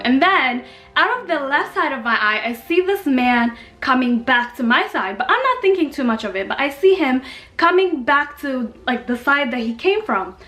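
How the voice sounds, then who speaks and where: A young woman from Kenya telling a story in a casual, animated, slangy and self-mocking way. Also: sits high. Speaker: vlogger. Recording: echoey room with faint music.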